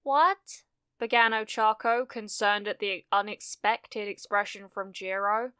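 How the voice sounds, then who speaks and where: Woman reading fan fiction out loud, steady measured narration, smooth clear voice, dry close mic. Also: medium pitch, no echo. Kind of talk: scripted narration.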